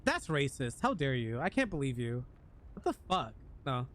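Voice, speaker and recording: Animated, joking male streamer. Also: mid-range voice, moderate pace. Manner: animated, joking, talks to chat while playing. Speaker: game streamer. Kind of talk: casual live-stream chat.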